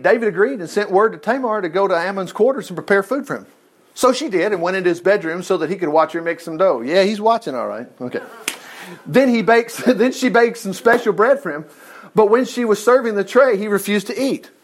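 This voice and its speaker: A man reading a Bible story aloud and breaking off into folksy, joking asides, with loud emphatic bursts and low mutters. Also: lively intonation, fairly quick. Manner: reads scripture aloud with folksy asides and jokes. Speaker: Bible teacher. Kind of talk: casual Bible study reading and commentary.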